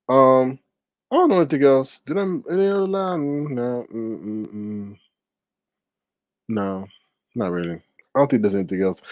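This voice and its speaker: A man hosting a livestream, reading chat and gossiping in a sassy, animated way, often laughing and jumping into high mocking tones. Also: dry recording. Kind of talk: casual gossip commentary.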